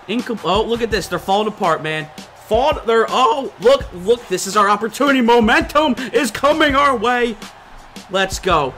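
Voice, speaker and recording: A young man giving excited, animated commentary over his own football video game, shouting and laughing at the big plays. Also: high-pitched, moderate pace, faint music behind. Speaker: gaming YouTuber.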